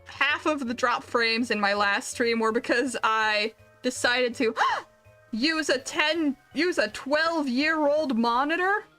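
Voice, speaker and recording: A woman's voice: sits high, slow pace, bright, forceful tone, faint music behind. A woman streamer chatting casually while gaming, rambling and making self-deprecating jokes.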